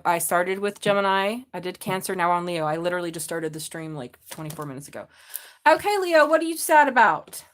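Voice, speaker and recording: A middle-aged woman giving a live-streamed tarot reading, chatty and profane, laughing often and gushing at her viewers. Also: medium pitch. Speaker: tarot reader.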